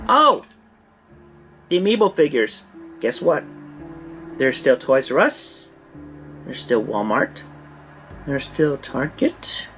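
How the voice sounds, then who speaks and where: A woman's voice: extremely low pitch, very animated, slow pace, long pauses, fairly bright tone, faint music behind, exaggerated voice. A woman in an archived clip ranting in a put-on, theatrical British-sounding accent, pompous and indignant. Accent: imitated British. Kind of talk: archived online video rant.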